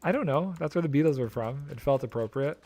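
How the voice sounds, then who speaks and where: A man's voice: medium pitch, animated, fast talker, darkish tone. A man streaming a video game, chatting casually and thinking aloud, mildly exasperated and joking as he plays, talking into a desk microphone. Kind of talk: casual gameplay commentary.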